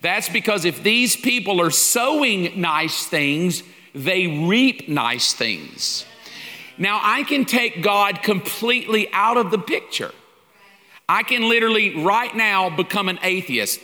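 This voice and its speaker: A man's voice: high voice, expressive, takes it slowly, pushed and bright, soft background music. A man preaching a sermon-style lesson in a folksy, humorous way, acting out little dialogues. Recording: long hall reverb.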